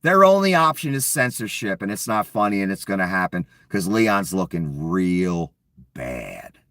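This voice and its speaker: A man's voice: sits low, lively intonation, a little slow, fairly bright tone, no echo, distant mic. A man giving a casual, profane political rant, sarcastic and often acting out mocking quotes. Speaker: political commentator. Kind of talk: casual ranting commentary.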